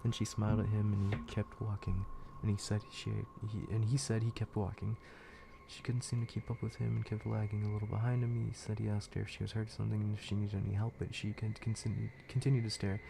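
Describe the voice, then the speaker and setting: Dude reading scary stories on stream, low flat voice, swears a lot, trips over words. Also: male voice, fast, vocal fry, background noise. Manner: profane, laid-back storytelling with frequent restarts. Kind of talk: casual horror story narration on a livestream.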